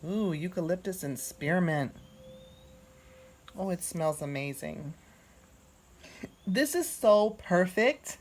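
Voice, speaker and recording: A woman vlogging as she unboxes a gift at home, talking softly and gushing with gratitude. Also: on the low side. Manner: slow, soft-spoken and gushing with gratitude. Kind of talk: casual unboxing narration.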